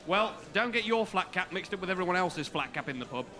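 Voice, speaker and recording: A man's voice: sits high, expressive, sharp tone, soft background music. A man playing a flustered young schemer who talks in a hurry. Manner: flustered, hurried.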